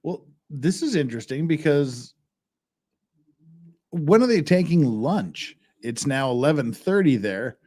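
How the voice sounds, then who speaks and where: A man's voice: a little high, sing-song, a little slow, darkish tone. A man hosting a livestream, chatting casually and thinking aloud as he goes through documents. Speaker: livestream host.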